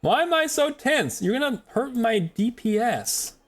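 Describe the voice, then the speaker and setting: A man's voice: very high voice, very animated, a little slow, voice pushed up, exaggerated voice. A man voicing a tense, panicky male survivor who frets aloud in a rambling self-pep talk.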